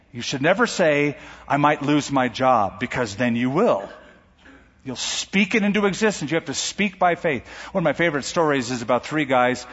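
A man delivers a sermon in a slightly high, husky voice. He pushes his points upward, then drops into quiet asides. The sound is dull and carries a long hall echo. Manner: dynamic preaching with sudden rises and drops. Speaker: pastor. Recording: dull recording in a large reverberant hall.

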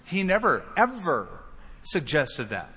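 A pastor preaches with emphasis, his fairly high voice jumping up whenever he acts out a quoted line. His words ring through a large hall with a long, trailing reverb. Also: huge pitch swings, slow pace, sharp tone, slightly rough. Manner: emphatic preaching, acting out quoted lines with rising pitch. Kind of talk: sermon.

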